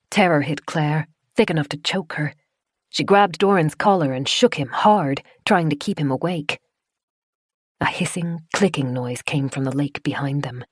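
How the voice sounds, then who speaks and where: A woman reads a horror novel aloud in a measured, tense manner. Her voice sits low and the recording is dry and close, with no room sound. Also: husky, no echo. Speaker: audiobook narrator. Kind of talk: scripted narration of a horror novel.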